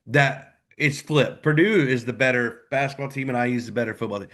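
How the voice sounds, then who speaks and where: A man's voice: medium pitch, a little fast, few pauses, a bit bright. A man co-hosting a live sports podcast, ranting heatedly, his voice jumping up when he gets worked up. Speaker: podcast co-host.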